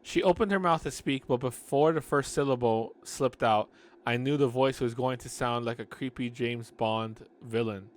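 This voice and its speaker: A man of medium pitch and normal speed reads a novel aloud casually, interrupting himself with sarcastic remarks about the writing. As both audiobook reader and commentator, he restarts frequently.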